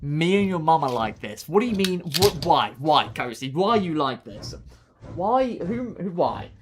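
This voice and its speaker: This young man's voice sits on the high side and swings widely in pitch, though he never rushes. While streaming a game live, he cracks jokes, shows off and responds casually to chat, with noticeable background noise.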